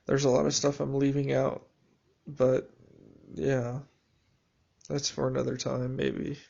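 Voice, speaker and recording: Man, video journal monologue, slow unhurried delivery, dull lo-fi sound, halting and reflective. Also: mid-range voice, flat delivery, gravelly, darkish tone. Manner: reflective, halting, with frequent restarts and dry sarcasm.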